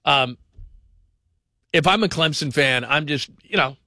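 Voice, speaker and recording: A man hosting a call-in sports radio show, talking fast and animated, often mimicking the people he talks about. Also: on the high side, no room sound. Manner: animated, does mocking voices of others.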